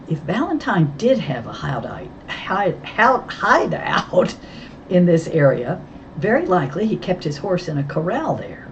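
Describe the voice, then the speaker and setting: Storybook role: a calm young woman sleuth, read by a woman in a low voice. Dull recording. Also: a little slow, slight background noise.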